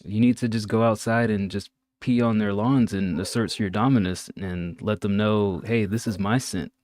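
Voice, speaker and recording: A man's voice: fairly low pitch, fairly even intonation, normal speed, darkish tone, no echo. A man co-hosting a casual chat show who makes dry joking asides. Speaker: podcast co-host.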